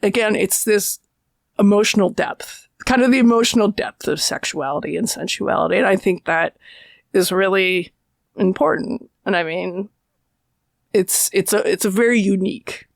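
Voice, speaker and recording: Gravelly-voiced woman, discursive film critic. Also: medium pitch, normal speed, no echo. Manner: discursive, thinks aloud with restarts. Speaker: film critic and author, podcast guest. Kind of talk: casual podcast conversation.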